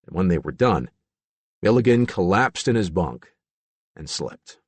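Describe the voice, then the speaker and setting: A male audiobook narrator reads in a lowish voice that rises and falls freely. The recording is close and completely dry, with no room sound. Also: sing-song, measured pace, darkish tone, husky, dry recording.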